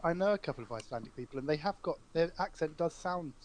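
A man's voice: fairly high pitch, expressive, quick pace, darkish tone, a little hiss or hum. A man in a casual podcast chat over an online call, rambling and self-deprecating.

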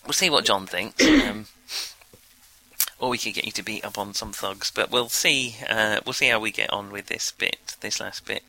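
A man acts as game master, talking over the rules in a loose, chatty way. His voice has a gravelly rasp, with a very bright, forceful edge. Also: on the low side, normal speed, low-quality recording. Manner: relaxed, chatty, explains rules with fillers. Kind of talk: casual tabletop game chat.

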